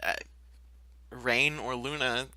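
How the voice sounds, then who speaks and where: A man in a tabletop game session, talking in a loose, joking way and swearing freely. His voice has a bright, forward edge at a middle pitch. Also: fairly even intonation, slow, no room sound. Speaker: player. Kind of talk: casual tabletop play.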